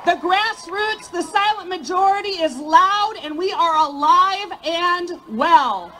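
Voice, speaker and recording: A woman giving a shouted rally speech outdoors, leading the crowd in chants. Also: very high voice, lively intonation, slow. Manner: chanting, call-and-response with crowd. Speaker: rally speaker.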